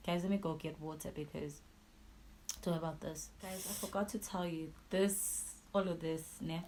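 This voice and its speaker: Low-voiced young woman, storytelling. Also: fairly even intonation, moderate pace, a little hiss or hum, poor audio. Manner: raw, emotional, switching between hushed and loud. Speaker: YouTuber. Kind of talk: emotional storytime vlog.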